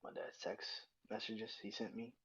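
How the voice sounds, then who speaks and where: A man hosting a podcast, talking through grief in a halting, tearful way that often sinks into a breathy near-whisper. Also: on the low side, level tone, no echo, dull audio. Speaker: podcast host. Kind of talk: personal monologue on grief.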